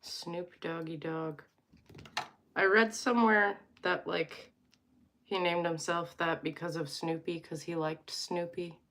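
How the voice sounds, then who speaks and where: This thirty-something vlogger from Alberta, Canada, speaks slowly in a fairly low, fairly bright voice with fairly even intonation, and slight background noise can be heard. Her chat with viewers is casual and playful, full of rambling and self-interruptions.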